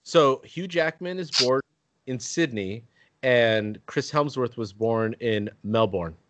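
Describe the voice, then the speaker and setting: A man's voice: mid-range voice, slow, a bit bright. A man co-hosting a casual podcast, easygoing and laughing a lot as he plays along. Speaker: podcast co-host. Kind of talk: casual chat.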